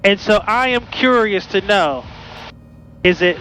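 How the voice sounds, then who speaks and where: A student pilot from Pittsburgh, USA, chats cheerfully with viewers as he narrates his flight from the cockpit of a small plane in the air. His voice is high and expressive, a bit slow, with a sharp edge. The audio is poor, with slight background noise.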